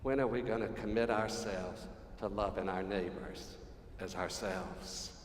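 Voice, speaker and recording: A man's voice: fairly low pitch, fairly even intonation, measured pace, slight background noise. A man preaching a sermon, conversational and humorous, putting questions to the congregation. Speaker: pastor. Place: church sanctuary. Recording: roomy church echo, long reverb.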